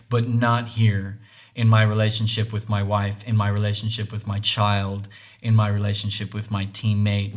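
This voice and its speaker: An earnest man speaking as a podcast host, thinking aloud about relationships. He circles back, restarts his phrases and keeps checking in with a quick "right?". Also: mid-range voice. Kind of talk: reflective monologue on relationships.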